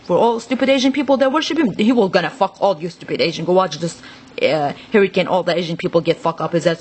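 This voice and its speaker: A woman's voice: fairly low pitch, fast, a little mellow, breathy edge. A woman talking straight to the camera in a rambling, agitated monologue full of swearing. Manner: profane, rambling, agitated ranting. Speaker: vlogger.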